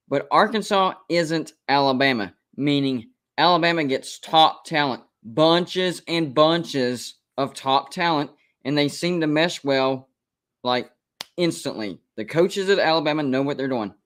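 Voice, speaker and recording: On his live college football stream, a host with a high-leaning, expressive, slightly bright voice talks at a measured pace. His commentary is casual but emphatic, repeating himself as he stands by his picks.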